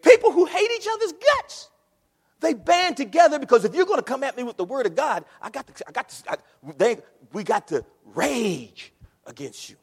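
A man delivers a sermon in a high, very lively voice. He swings from shouted lines to near-mutters. The sound carries a long reverb, as if from a big church sanctuary. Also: moderate pace, slightly rough. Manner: animated preaching, swings from shouting to low murmurs. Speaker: preacher. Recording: long reverb of a large hall.

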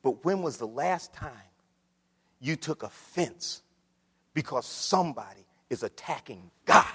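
Preacher with high, lively voice. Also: male voice, normal speed, slightly rough, in a large hall. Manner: swings from low, steady reading to loud, shouted preaching. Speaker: pastor. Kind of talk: sermon.

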